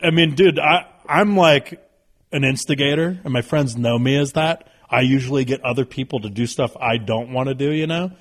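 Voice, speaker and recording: A man in his thirties, a podcast guest telling stories in a casual, animated way, swearing freely. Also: medium pitch, moderate pace. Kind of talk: casual storytelling.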